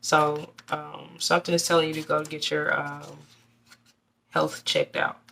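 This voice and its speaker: Low-voiced woman giving a tarot reading. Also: little pitch movement, measured pace, gravelly, bright, forceful tone, slight background noise. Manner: earnest, repetitive, addressing viewers directly. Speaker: tarot reader. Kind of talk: casual tarot reading to camera.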